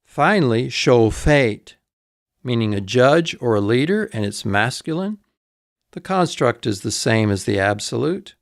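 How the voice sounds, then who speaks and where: A man teaching vocabulary in a recorded lesson, repeating each word slowly and spelling it out letter by letter. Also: mid-range voice, lively intonation, gravelly, no room sound, studio quality. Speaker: instructor.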